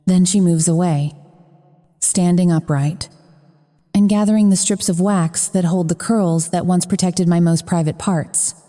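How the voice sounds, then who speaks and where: A woman's voice: lowish voice, steady tone, a little slow, warm tone. A woman narrating a first-person romance audiobook in a frank, profane manner. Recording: long reverb.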